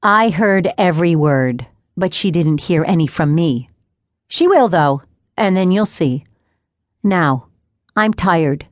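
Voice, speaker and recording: Woman voicing a smug bossy young mom, low voice, dry close read. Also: lively intonation, slow, no room sound. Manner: smug and self-satisfied. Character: smug, spoiled young new mother.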